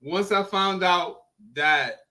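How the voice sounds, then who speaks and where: A man hosting a podcast, talking in an animated, emphatic and profane way. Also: high voice, takes it slowly. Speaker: podcast host. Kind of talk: casual podcast chat.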